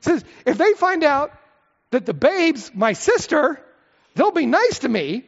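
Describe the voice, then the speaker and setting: A middle-aged man preaches in a chatty, expressive way, tossing out rhetorical questions and side remarks. His pitch rises and falls freely. The sound carries a long church-hall echo and is a little dull. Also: unhurried. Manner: lively, conversational preaching with asides and rhetorical questions. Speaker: pastor. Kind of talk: expository sermon.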